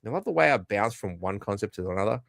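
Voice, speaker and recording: A man's voice: on the low side, expressive, quick pace, vocal fry, fairly bright tone, no echo, clean studio sound. An Australian man hosting a podcast, delivering a rambling, profane, sardonic rant. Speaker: podcast host. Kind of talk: ranting commentary.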